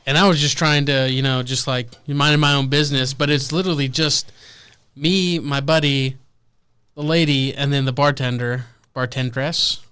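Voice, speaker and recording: Male podcast guest, relaxed and halting, crisp clear voice. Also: medium pitch. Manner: laid-back, laughs easily, hesitant fillers. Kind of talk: casual chat.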